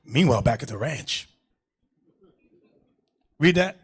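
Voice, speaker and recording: Teaching a class as a bishop, a man preaches in an animated sermon style, shouting and acting out the voices in his anecdotes. His voice is high-pitched at normal speed.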